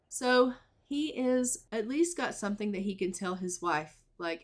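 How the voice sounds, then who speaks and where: A woman's voice: mid-range voice, expressive, measured pace, few pauses. A woman narrating a life-sim game in a chatty, storytelling way. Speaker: let's play narrator.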